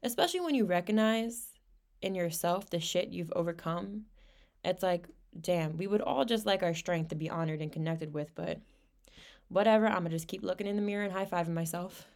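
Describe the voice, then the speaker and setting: A woman's voice: on the low side, fairly quick, darkish tone. A young woman hosting her own podcast, talking candidly in a casual monologue full of slang and swearing. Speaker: podcast host.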